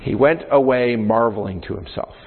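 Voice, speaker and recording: A man's voice: mid-range voice, normal speed, slightly rough. A male pastor preaching a sermon in a conversational way, often checking in with "right?" as he explains Scripture. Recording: phone-like sound in a long-reverb hall.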